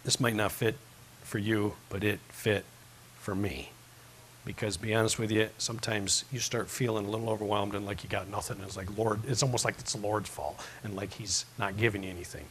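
A man preaching a sermon as pastor, telling a story that swings from hushed to loud. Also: on the low side, fairly even intonation, a little fast, a little hiss or hum, rough recording.

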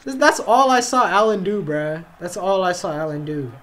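A young man hosting a casual football reaction video, excitable and slangy, calling out bro after nearly every line. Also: high-pitched, normal speed. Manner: excitable, yelps and drawls "bro" constantly. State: tired, yawning. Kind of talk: casual game reaction commentary.

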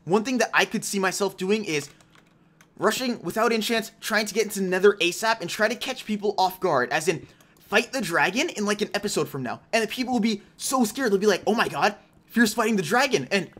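A young man commentates his own game live for his gaming YouTube audience, chatting away to himself and to viewers and teasing the other players. His voice sits high with a fairly bright tone.

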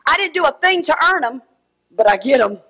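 Woman preacher, high voice, fervent sermon with shouts and soft asides. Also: animated, fairly quick. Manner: fervent, swinging between shouted exhortation and quiet asides.

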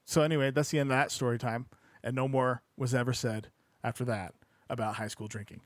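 A man's voice: mid-range voice, steady tone, a little fast, no room sound, studio quality. A young man hosting a podcast, reading a book aloud casually and breaking off into profane, joking asides. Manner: swears freely, loose and joking.

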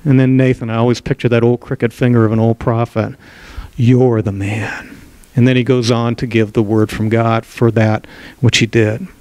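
A male pastor delivers a sermon, narrating a Bible story in a relaxed, conversational way. He talks at a medium pitch and sometimes restarts a phrase as he goes. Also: brisk, clear, resonant tone, no room sound, poor audio.

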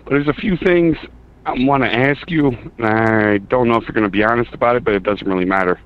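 A man from Chicago calling in over a tinny phone line. He talks in a casual, blunt and slangy way, pushing back hard, and his voice sits at an ordinary mid pitch. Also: brisk, clean tone. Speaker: caller. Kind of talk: argumentative call-in.

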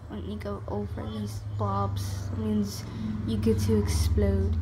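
A young woman giving casual gameplay commentary, excitable, gasping and dropping to whispers while she plays. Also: mid-range voice, takes it slowly, noisy background. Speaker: gamer. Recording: faint music behind.

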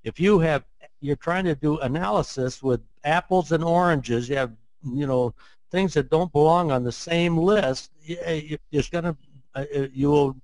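A man's voice: fairly high pitch, moderate pace, a little mellow, no echo, low-quality recording. An older man explaining his ideas in conversation, emphatic and admittedly emotional, repeating points for force. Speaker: interview guest, framework creator.

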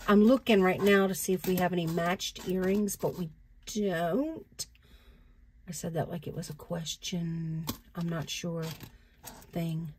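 A woman's voice: fairly low pitch, level tone, normal speed, darkish tone, slight background noise. A woman reselling jewelry, chatting casually as she unboxes it, thinking aloud and laughing easily. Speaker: reseller vlogger.

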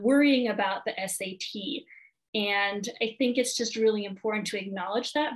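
A woman speaks at a middle pitch as she presents a workshop for parents. Her delivery is earnest and direct, and she repeats key words to drive a point home. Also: low-quality recording.

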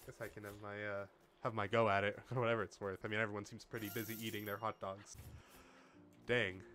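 A man's voice: fairly low pitch, brisk, a little hiss or hum. A man streaming a game, joking and laughing as he comments casually. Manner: joking, animated, laughs often, lots of fillers.

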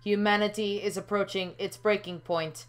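A woman voicing a calm, formal alien judge who has been posing as a human, with measured, solemn speech. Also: medium pitch, lightly acted.

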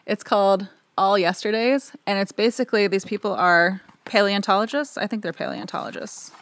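A woman's voice: medium pitch, normal speed, fairly bright tone, no room sound. A woman talking casually to the camera in her own recording studio, rambling and chatty with lots of filler words. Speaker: audio engineer and video host.

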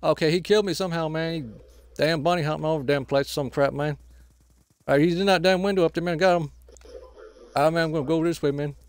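A man's voice: fairly high pitch, fairly even intonation, fast talker, pauses often, clean tone. A man giving casual gameplay commentary, grumbling and swearing at opponents and tacking "man" onto nearly every phrase. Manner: swears and trash-talks opponents. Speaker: gameplay commentator filling in for the channel owner.

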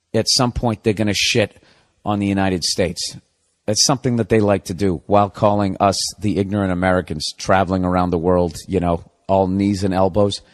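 A man hosting a podcast, telling a comic story in a profane, ranting monologue. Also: deep voice. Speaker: podcast host.

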